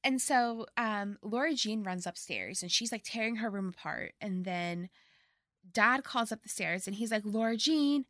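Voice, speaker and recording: Woman, co-host, casual recap, animated, bright, dry sound. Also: medium pitch, moderate pace, no echo. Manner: chatty, animated, laughs often. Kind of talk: casual chat recapping a movie.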